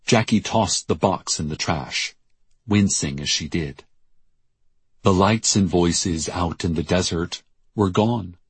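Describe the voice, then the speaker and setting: A man narrating a novel as an audiobook in a measured, deadpan storytelling manner. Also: sits low, slightly rough.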